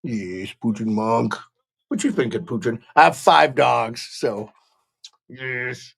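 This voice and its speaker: A middle-aged man from Montana doing excitable live play-by-play for a fan stream at home, chatting with viewers between calls. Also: medium pitch, takes it slowly, creaky, slightly rough.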